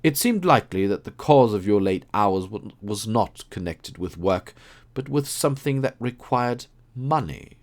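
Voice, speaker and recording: A man's voice: on the low side, expressive, unhurried, voice pushed up. A man reading an audiobook, voicing a keen, precise male detective who explains his deductions. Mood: assured. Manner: crisp, assured, explaining.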